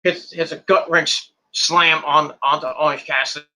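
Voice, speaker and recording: A man's voice: fairly high pitch, steady tone, normal speed, bright, forceful tone, slight background noise. A man casually recapping a wrestling match move by move, rambling and repeating words as he goes. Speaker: wrestling show reviewer.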